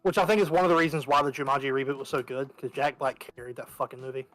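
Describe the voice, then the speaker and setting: A man's voice: mid-range voice, steady tone, rapid-fire, a bit bright, soft background music. Wry man from the American South. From Southern United States. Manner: wry, opinionated, swears. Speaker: game player. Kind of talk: casual chat while playing.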